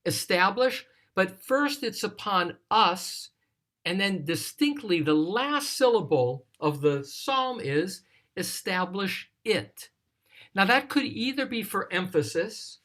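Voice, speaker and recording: A teacher leading a text study, explaining scripture in a deliberate, thoughtful way and lingering on single words. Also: mid-range voice, fairly bright tone. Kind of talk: slow explanatory scripture lesson.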